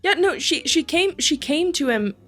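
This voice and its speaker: A woman with a fairly high voice adds quick remarks to a relaxed podcast chat about a film. She speaks with an easy, conversational energy. Faint music sits behind her voice. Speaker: podcast co-host. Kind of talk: casual movie-review chat.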